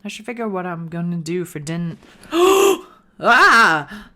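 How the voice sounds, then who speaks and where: A woman's voice: on the low side, fairly quick, darkish tone. A woman reading a visual novel aloud in the first person, with playful asides of her own. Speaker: gaming video creator.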